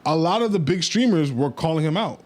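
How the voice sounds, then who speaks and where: A man's voice: a little high, lively intonation, fairly quick, a little mellow. A man hosting a podcast, recounting a story in casual chat with blunt, laid-back opinions. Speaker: podcast host.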